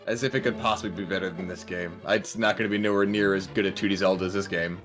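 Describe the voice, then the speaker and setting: A man's voice: sits low, steady tone, quick pace, a bit bright, soft background music. A man chatting casually as a guest on a game stream, rambling and self-deprecating.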